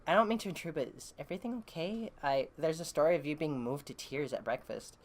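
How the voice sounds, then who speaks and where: A woman's voice: deep voice, fast, a little mellow. A woman reading a comic aloud, voicing a polite but prying woman in charge. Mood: probing. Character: smooth, probing woman in charge.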